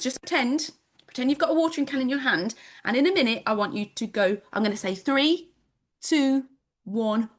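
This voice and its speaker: Woman, 30s, children's teacher, video call, bubbly, lively sing-song delivery, high pitch. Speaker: home education teacher. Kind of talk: live online class for children.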